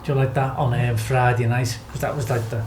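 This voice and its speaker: A man's voice: mid-range voice, fairly even intonation, brisk, roomy sound, noisy background. A Scouse man from Liverpool telling a wild story as a podcast guest, laughing often, swearing freely and acting out what people said. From Liverpool, England. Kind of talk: casual anecdote telling.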